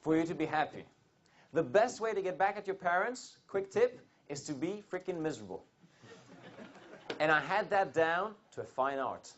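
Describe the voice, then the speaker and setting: A seminar speaker gives a motivational talk to a live audience, telling a personal story with animated delivery and asking the room questions. His voice is on the high side at a moderate pace, and the highs are cut off.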